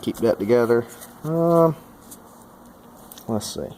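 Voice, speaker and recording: A man's voice: mid-range voice, lively intonation, slow pace, warm tone, a little hiss or hum. A man talking through a repair step by step in a casual, folksy way, with many fillers. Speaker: mechanic and channel host. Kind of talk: hands-on repair tutorial.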